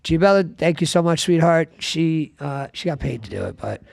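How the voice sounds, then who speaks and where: A man hosting a casual podcast, telling animated stories and swearing freely. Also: fairly high pitch, normal speed, gravelly, dry recording, clean studio sound. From South Florida. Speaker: podcast host.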